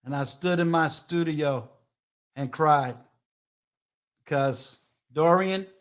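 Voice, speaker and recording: An older man hosting a live-streamed talk show, emphatic, booming out introductions and shout-outs. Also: slow. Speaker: host.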